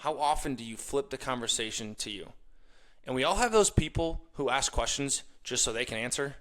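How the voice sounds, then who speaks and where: A young man with a bright, forceful voice talks straight to his listeners in a casual motivational monologue. He rants with energy and drops into quick impressions of other people mid-sentence. He sounds like a podcast host working through his points off the cuff. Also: mid-range voice. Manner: animated, ranting, mimics others in quoted asides.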